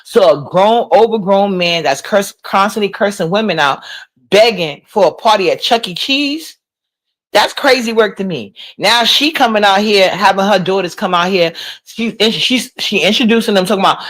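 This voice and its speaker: A woman's voice: mid-range voice, normal speed, fairly bright tone. A woman hosts a casual livestream from home. She talks back to her chat in a gossipy, disbelieving way, with a mid-range voice. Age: 40s. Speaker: livestream host.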